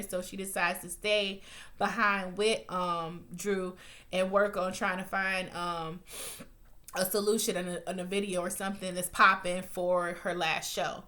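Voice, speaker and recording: This woman's voice is fairly low and bright, with a pushed quality and little pitch movement, and she takes her time. Recapping a TV episode, she's chatty, blunt, and profane, restarting often and using many fillers, her voice shooting up when she's worked up.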